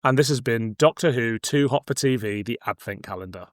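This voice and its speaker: A man's voice: medium pitch, a little fast, no echo, clean studio sound. A man hosting a podcast, chatting easily, laughing along with his guest. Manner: easygoing, laughing along, brief agreements. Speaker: podcast host. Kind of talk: casual chat.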